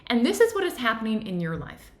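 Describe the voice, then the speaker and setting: A woman's voice: a little high, sing-song, quick pace, a little mellow, roomy sound. A woman giving a conversational self-help lesson, often checking in with "right?". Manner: conversational, keeps asking "right?". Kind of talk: guided teaching talk.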